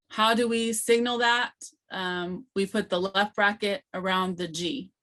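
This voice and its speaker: A woman leading an online training session as a language teacher trainer, explaining sounds patiently and slowly, with many fillers, heard through a computer mic on a video call. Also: medium pitch, a bit bright.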